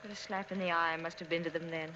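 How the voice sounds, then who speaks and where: Actress doing a shy nervous young bride, stammery and pleading, muffled old movie sound with faint hiss. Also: female voice, on the low side, steady tone, racing, lightly acted. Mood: bitter. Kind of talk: 1940s film acting.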